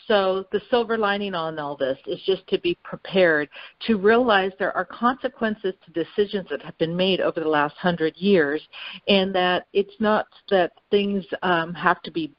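A woman hosting an interview show, speaking in a calm, reassuring way. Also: on the low side, moderate pace, dry recording. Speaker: host. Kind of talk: casual interview talk. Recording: dull, lo-fi audio.

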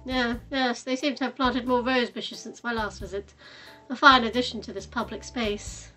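A woman voicing an eccentric, self-assured female detective who speaks with deadpan certainty. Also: on the high side, normal speed, faint music behind.

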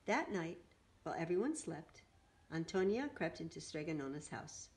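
A woman reads a children's picture book aloud with an animated, expressive delivery. Her voice swings up and down in a lively way as she narrates. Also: low-pitched, moderate pace. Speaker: storybook reader.

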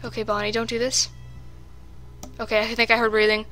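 Bright-voiced woman narrating a horror game. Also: a little high, little pitch movement, brisk, faint music behind. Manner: jittery, talks to viewers while playing a horror game. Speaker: gaming commentator. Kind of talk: casual let's-play commentary.

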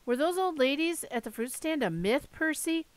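A woman voicing a touchy, jittery young satyr boy, half goat, with a high nervous edge in an audiobook reading. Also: lively intonation, moderate pace, no echo. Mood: indignant. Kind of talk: audiobook character voice.

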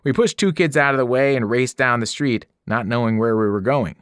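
A man, a teacher, reading a novel aloud in expressive first-person narration. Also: medium pitch, fairly quick, no room sound, studio quality. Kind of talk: audiobook narration.

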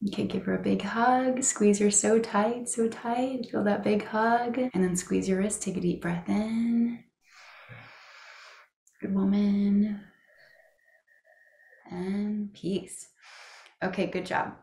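A woman practitioner guiding a tapping session, calmly giving phrases to repeat. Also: mid-range voice, takes it slowly, gravelly, pauses often, echoey room. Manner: calm coaching, gives phrases to repeat. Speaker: EFT practitioner.

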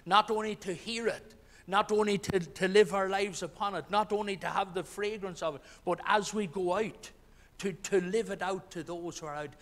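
Man, pastor, earnest sermon, fairly high voice, long church reverb. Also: fairly even intonation, moderate pace, fairly bright tone. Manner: earnest preaching with repeated restarts, rising and falling emphasis.

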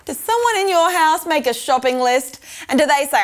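Super high chirpy aussie lady teaching little kids at church, voice bouncing all over. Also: moderate pace. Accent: Australian. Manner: animated, exaggerated, asking kids questions. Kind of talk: lively lesson for preschool kids.

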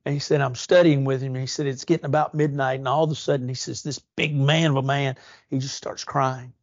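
A man's voice: mid-range voice, fairly even intonation, no echo. Earnest male preacher, slightly muffled. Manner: earnest, rising emphasis and slow drawn-out stresses. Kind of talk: sermon. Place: church.

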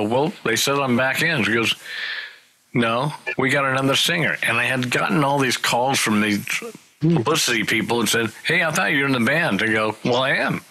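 A man telling road stories in a casual interview, animated and acting out the people he quotes. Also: medium pitch, rough recording.

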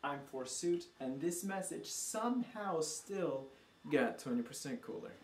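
A man's voice: on the high side, expressive, slight background noise. A man hosting his own video show, chatting casually and mocking himself while he reads out viewers' comments, recorded on a laptop's built-in mic. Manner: rambling and self-mocking, slow-paced. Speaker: show host. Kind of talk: casual unedited video chat.

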